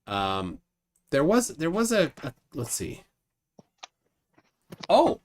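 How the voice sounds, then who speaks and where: A man's voice: a little high, huge pitch swings, a little hiss or hum. A man hosting a live debate stream, talking casually with lots of fillers and restarts. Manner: rambling, halting with restarts and fillers. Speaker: livestream host.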